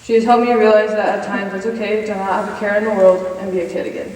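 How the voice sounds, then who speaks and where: Fast and flat in delivery, with a darkish medium-pitched voice, a woman in her twenties gives her chapel testimony as a college senior, earnestly reading from notes and cueing slides. The sound comes from far off in an echoey hall.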